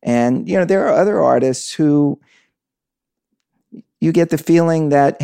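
A man's voice: fairly high pitch, unhurried, vocal fry, warm tone, smooth, dry recording, clean studio sound. A man interviewing a guest, asking reflective and probing questions.

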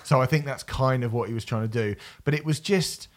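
A man's voice: medium pitch, fairly quick. A man co-hosting a podcast, telling stories with jokes and laughter in a casual chat. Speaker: podcast co-host.

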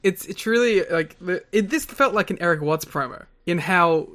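A podcast co-host in loose, casual chat, reacting with animated surprise and frequent laughter. The voice is pitched in an ordinary middle range. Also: normal speed.

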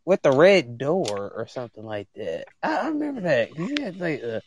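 Lively, stumbling man. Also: on the high side, normal speed, highs cut off. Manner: hesitant, laughing, stumbling starts. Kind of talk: casual chat on a call.

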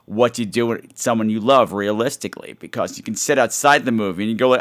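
A man's voice: fairly low pitch, fast, few pauses, a bit bright. A man hosting a horror movie podcast in casual chat, rambling with self-mocking jokes and reading listener emails aloud. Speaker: podcast host.

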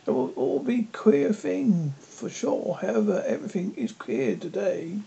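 A reader giving a polite, curious young girl a lifted voice in a halting storybook reading. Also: mid-range voice, expressive, vocal fry, dark tone, slightly rough, full character voice. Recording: dull lo-fi with faint noise.

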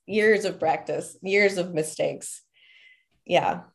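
A woman's voice: fairly low pitch, takes it slowly, gravelly. A woman guest on a podcast, talking casually and telling personal stories with frequent laughs and lots of "like". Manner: warm storytelling with frequent laughs and "like" fillers. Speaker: podcast guest, relationship coach. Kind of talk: casual conversational podcast talk.

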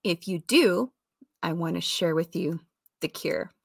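Candid, low-voiced woman telling her story. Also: unhurried, creaky, slightly rough, no echo, clean studio sound. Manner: rambling, self-correcting, with fillers and soft laughs. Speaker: storyteller sharing a personal story.

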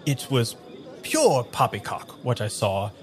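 Picture a rigid Regency officer, voiced by a man, starchy and proper, who stumbles over his words yet insists on military standards. His pitch sits mid-range but swings about a good deal as he fumbles. The role-play is a tabletop game. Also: expressive, soft background music. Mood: disapproving. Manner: halting, formal and stuffy.

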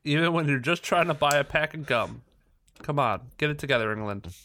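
A man co-hosting a podcast in casual chat, jokey and quick to laugh. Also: on the high side, animated, sharp tone. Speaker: podcast co-host.

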